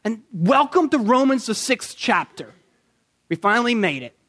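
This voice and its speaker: A man preaching a sermon, emphatic, asking rhetorical questions and slowing down to stress key points. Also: extremely high pitch, big pitch swings, a bit bright.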